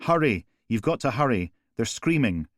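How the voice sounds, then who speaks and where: A man's voice: on the low side, moderate pace, darkish tone, no room sound, studio quality, lightly acted. A man voicing a frantic young woman on an emergency call, pleading and breathless. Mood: panicked.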